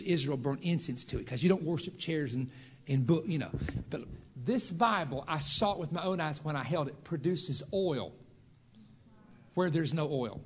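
A preacher man telling a folksy testimony to a congregation, building into shouted fervor. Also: fairly high pitch, slight background noise.

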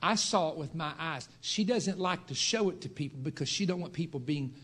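A preacher man telling a folksy testimony to a congregation, building into shouted fervor. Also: fairly high pitch, expressive, fairly quick, husky.

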